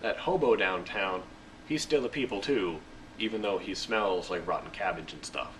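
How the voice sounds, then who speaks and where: A man's voice: low-pitched, moderate pace, fairly bright tone. A young man hosting a casual, jokey reading and explanation of a scripture passage, recorded from a distance with faint noise. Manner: goofy, slangy, jokey. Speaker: show host.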